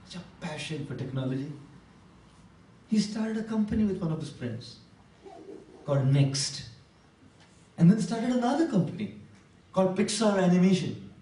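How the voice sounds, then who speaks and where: A man's voice: high-pitched, expressive, moderate pace, long pauses, warm tone. A man giving an emphatic motivational talk to a live audience, repeating key words and asking the crowd questions. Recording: echoey hall, voice from a distance.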